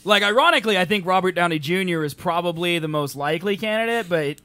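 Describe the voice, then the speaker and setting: Young male co-host, bright tense tone, quick to laugh and tease. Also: sits high, no echo. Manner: laughing often, teasing, animated. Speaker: podcast co-host. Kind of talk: casual chat.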